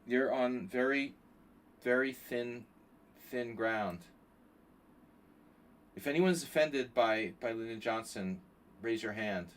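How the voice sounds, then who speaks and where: A man's voice: mid-range voice, takes it slowly, long pauses. Man muttering chess moves aloud. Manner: thinks aloud, mutters moves, chats with viewers. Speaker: chess streamer. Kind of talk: live stream commentary while playing blitz chess.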